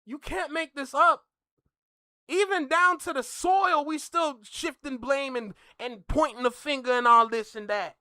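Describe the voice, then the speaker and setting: A man's voice: very high-pitched, pushed and bright, smooth, no room sound, studio quality. A man with a Toronto accent hosting a reaction video, talking in a heated, incredulous way and repeating his points. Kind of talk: casual reaction commentary.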